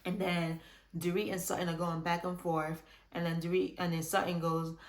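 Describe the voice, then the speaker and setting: A woman's voice: fairly low pitch, little pitch movement, normal speed, echoey room. A woman giving a chatty, opinionated recap of a reality show, full of restarts and fillers. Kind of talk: casual recap commentary.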